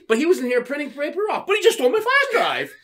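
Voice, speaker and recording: A man's voice: huge pitch swings, very fast, fairly bright tone, exaggerated voice. A man putting on the voice of an indignant old woman who shrieks that her things were stolen. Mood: accusing. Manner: high shrieking outrage. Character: shrill indignant old woman accusing a thief.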